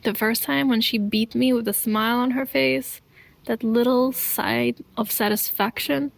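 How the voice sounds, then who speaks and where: Slow-spoken woman with a gravelly edge. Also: fairly high pitch, fairly even intonation, no echo. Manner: earnest, deliberate, pausing between short phrases. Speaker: vlogger telling her own story. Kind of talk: slow confessional storytelling.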